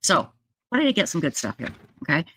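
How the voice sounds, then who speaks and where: Animated woman retelling a story. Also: fairly quick, a crowd in the background. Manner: animated, emphatic retelling with jumps up in pitch; addresses viewers directly with frequent "okay?". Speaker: true crime video commentator. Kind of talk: casual storytelling to viewers.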